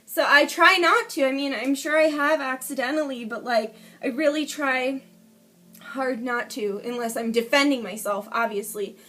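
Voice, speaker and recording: A woman with a high voice tells a personal story straight to camera, casual and candid. She swears freely and walks through events beat by beat, emotion close to the surface. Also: normal speed, fairly bright tone. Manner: emotional play-by-play retelling. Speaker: vlogger. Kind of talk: storytime vlog.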